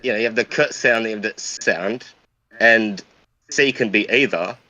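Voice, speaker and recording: A man's voice: fairly low pitch, normal speed, pushed and bright. A man, chatting casually during a watch-along and explaining things at length. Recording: muffled lo-fi audio.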